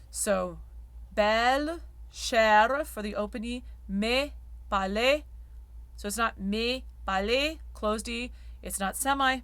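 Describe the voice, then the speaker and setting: A woman teaching sung diction, sounding out vowels and words slowly before explaining quickly. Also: fairly high pitch, bright, forceful tone, no room sound. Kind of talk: spoken diction lesson.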